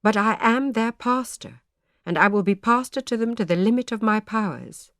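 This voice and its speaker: This woman pitches her voice fairly high, above her own natural register, keeping a lively intonation at normal speed and a fairly bright tone. The sound is clean studio audio without any room echo. Her lines belong to a troubled, devout male parson who speaks in a grave, formal, archaic manner.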